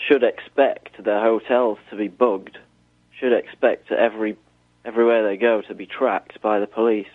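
A man speaking in a low, matter-of-fact way. The sound is dry and has the thinness of a phone line. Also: dry recording. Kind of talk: talk radio discussion.

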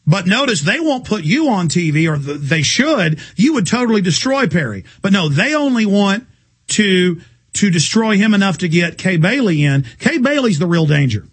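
A man hosting a political talk radio show, ranting fast and emphatically. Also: high-pitched, very animated, slightly rough. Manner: fast, fervent, emphatic rants.

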